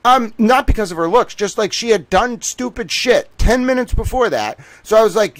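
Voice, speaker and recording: A man, telling a rambling story on his stream. His voice sits high and swings up and down a lot as he swears freely and acts out each quoted line. The sound is dry and close, with no room around it. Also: expressive, fairly quick, hardly any pauses, no room sound, low-quality recording. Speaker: streamer host. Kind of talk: profane casual storytelling monologue.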